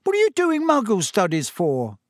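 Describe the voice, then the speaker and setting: A man reading an audiobook, voicing a cheeky, jokey teenage boy wizard who talks excitedly and teases his friends. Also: sits high, moderate pace, no room sound, clean studio sound, voice pushed up. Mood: scoffing. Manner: excited, teasing. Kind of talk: audiobook character voice.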